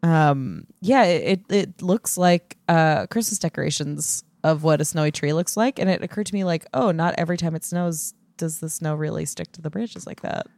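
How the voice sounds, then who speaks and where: A woman's voice: deep voice, moderate pace, hardly any pauses, no echo. A woman co-hosting a podcast, chatting casually with wry jokes and gasping reactions. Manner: relaxed and wry, gasps and exclaims in reaction. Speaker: podcast co-host. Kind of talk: casual chat.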